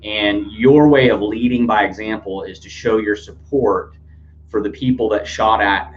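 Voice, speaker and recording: Here the news podcast host has a lowish voice and talks a little slowly, meandering with plenty of fillers and restarts. Audio quality is dull and lo-fi, with a faint hum in the background.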